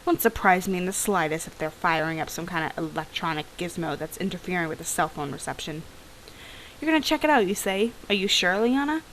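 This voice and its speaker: Grumpy older engineer, read by a woman; gruff, muttering, old-fashioned complaints, game dialogue. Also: lowish voice, expressive, a little fast, a bit bright, slight background noise, poor audio. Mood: worried. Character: grumpy older engineer grumbling about gadgets. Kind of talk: reading game dialogue aloud.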